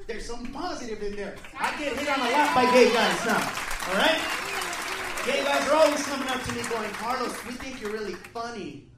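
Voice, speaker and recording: Profane stand-up comic, high voice, live crowd. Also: male voice, moderate pace, heavy background noise. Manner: profane, aggressive rants with acted-out quotes. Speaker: stand-up comedian. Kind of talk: stand-up comedy set. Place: comedy club stage before a laughing crowd. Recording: echoey live room, mic heard from far. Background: loud audience laughter.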